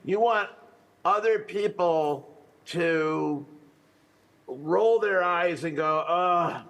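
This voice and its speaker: A man's voice: fairly high pitch, very slow, fairly bright tone. An older man answering conference questions in an authoritative way, letting his voice drop at the end of sentences. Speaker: conference speaker. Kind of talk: Q&A answers at a talk.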